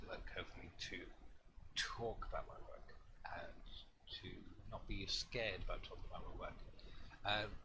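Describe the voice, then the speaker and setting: A man, an artist hosting a live stream, telling a story in a rambling, self-deprecating way with lots of restarts. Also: fairly low pitch. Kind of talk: casual storytelling chat. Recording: noisy room ambience.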